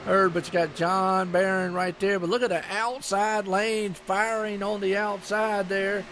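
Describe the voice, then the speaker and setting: A man's voice: high-pitched, fairly even intonation, a little slow, fairly bright tone, a little hiss or hum. A man with a Southern US accent giving casual, rambling live commentary on a sim race and chatting with viewers.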